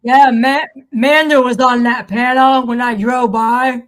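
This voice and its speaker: A woman's voice: on the high side, fairly even intonation, takes it slowly, low-quality recording. A woman chatting casually on a stream, playful and gossipy. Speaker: streamer in a group voice chat. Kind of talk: casual chat.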